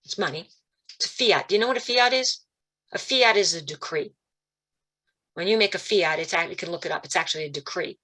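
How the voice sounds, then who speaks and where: A woman giving a spiritual talk over a video call, telling stories and acting out quoted voices with big jumps in pitch. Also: a little fast, long pauses, sharp tone. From Italian-American, Calabrese roots. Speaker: guest speaker.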